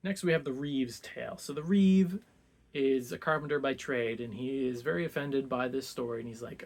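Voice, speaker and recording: A young man retells a classic tale in a relaxed, chatty way. He keeps slipping into short put-on voices for the characters, then drops back to his plain voice at a mid pitch. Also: normal speed. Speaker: book club host. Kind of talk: casual retelling of a classic book.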